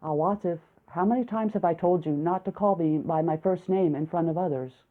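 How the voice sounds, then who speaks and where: A woman voicing a male village doctor, bald and earnest, speaking in a measured, deliberate way. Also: on the low side, natural voice. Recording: narrow, phone-like lo-fi sound.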